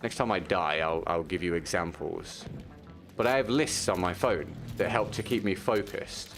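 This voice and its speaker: A man with a low voice chats casually and supportively to his viewers while he plays, often restarting his sentences. Faint game music sits behind him. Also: normal speed. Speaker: streamer. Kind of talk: casual chat while playing.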